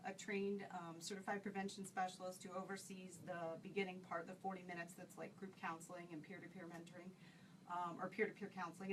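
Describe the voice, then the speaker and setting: Earnest woman telling stories, heard from a distance. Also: fairly low pitch. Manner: earnest, animated, with many fillers and restarts. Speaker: founder of a horse program for children of addicts. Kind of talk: interview storytelling. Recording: distant mic with faint background noise.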